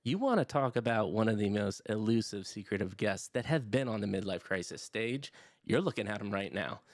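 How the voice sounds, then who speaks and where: Middle-aged guy hosting a podcast, pumped up and swearing, lowish voice, dry sound. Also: no room sound. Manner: energetic, hyped, swears casually. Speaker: podcast host. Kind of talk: casual podcast chat.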